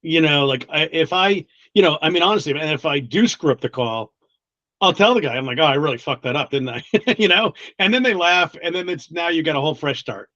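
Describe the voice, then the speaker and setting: A man working as a recruiter, chatting casually in an interview, blunt and quick to swear, laughing often between many restarts. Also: on the high side, expressive, sharp tone, no echo, dull audio. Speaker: guest recruiter.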